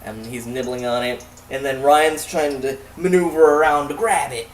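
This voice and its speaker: A young let's play commentator with a mid-range voice and normal speed tells a long, profane story loosely and ramblingly over a game, laughing often and making asides. The recording is from an echoey room with a distant mic and a little hiss or hum.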